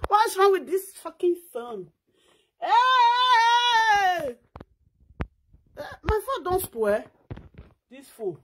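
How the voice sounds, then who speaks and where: Shrill, slow-talking Nigerian woman wailing comically. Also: sing-song, a little hiss or hum. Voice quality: loud wailing and laughing, sing-song fake sobbing. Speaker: comic skit performer. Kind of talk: comic skit, mock crying in Pidgin English.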